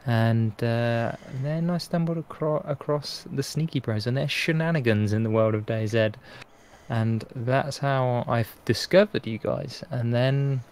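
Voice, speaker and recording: A man's voice: mid-range voice, measured pace, darkish tone, clean tone. A man from Britain, a podcast guest, chatting casually and telling stories in an upbeat, jokey way. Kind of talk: casual chat.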